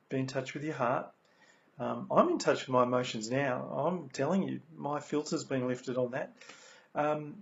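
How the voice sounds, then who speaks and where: Australian man, motivational speaker, gravelly, earnest and repetitive, muffled lo-fi sound. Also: mid-range voice. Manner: earnest, repeats key phrases, many ums. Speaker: speaker sharing recovery lessons. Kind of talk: motivational talk. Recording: dull lo-fi recording.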